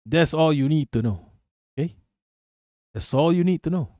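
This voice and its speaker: A man's voice: a little high, animated, moderate pace, dark tone, no room sound, studio quality. A man giving a casual livestream rant as an online political commentator, emphatic and profane, firing off rhetorical questions and repeating himself.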